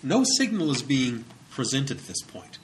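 Guy giving a lecture, chatty, lots of ums and restarts, mid pitch, faint hiss behind. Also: big pitch swings, normal speed. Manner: conversational, repeats words and uses many fillers. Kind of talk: recorded psychology lecture.

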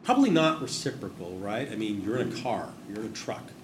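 Man, wry and digressive, casual explainer, lowish voice, roomy sound, noisy background. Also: big pitch swings, brisk. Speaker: host discussing memorial plaques. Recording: roomy echo with background noise.

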